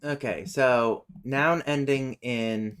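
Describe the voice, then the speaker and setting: A man's voice: medium pitch, slow pace, fairly bright tone, clear, resonant tone. A man casually reading a linguistics text aloud on a stream, breaking off into exasperated, swearing rants. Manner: swears, self-correcting. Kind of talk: casual live stream chat.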